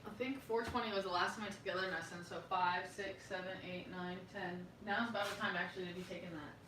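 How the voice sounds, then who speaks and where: A woman's voice: on the low side, fairly even intonation, fast talker, noisy background. A woman in casual dinner-table chat with a friend, chatty, laughing often and sometimes dropping to a murmur. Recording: roomy, echoey sound from a distant mic.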